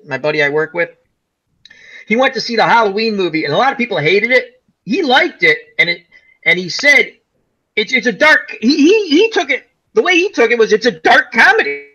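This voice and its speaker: Chatty guy co-hosting, high voice that jumps around a lot, rambles on. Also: a little fast, lo-fi sound. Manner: rambling, animated storyteller. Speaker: co-host. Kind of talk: casual chat, retelling movie scenes.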